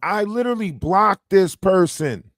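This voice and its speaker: A man's voice: high voice, expressive, measured pace, fairly bright tone, dry recording, studio quality. Insistent man on a livestream. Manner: insistent, keeps adding "right?". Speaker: livestream host. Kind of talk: casual livestream talk, reading messages aloud.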